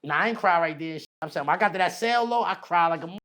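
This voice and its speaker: A man telling a long personal story in casual, slangy street talk, animated as he retells it. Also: sits high, fast talker. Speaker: podcast guest.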